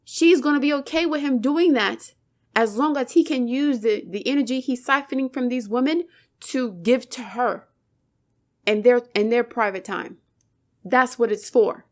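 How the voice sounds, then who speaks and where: A woman with a fairly high voice delivers fervent commentary straight to her viewers. She lectures with heavy emphasis, stacks up rhetorical questions and drops curse words along the way. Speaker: channel host, commentator. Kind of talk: impassioned commentary monologue.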